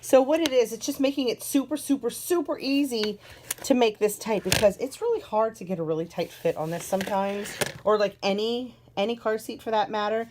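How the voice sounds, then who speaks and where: A woman's voice: fairly high pitch, brisk, background noise. A woman giving a casual, enthusiastic product walkthrough as a parent, chatty and repeating words for emphasis. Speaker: parent reviewing a car seat.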